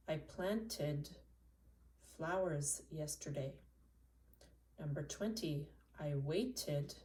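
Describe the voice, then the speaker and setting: A woman from Canada teaching an English lesson, repeating words slowly and clearly. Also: low voice, a little mellow, distant mic. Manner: slow, deliberate repetition of single words.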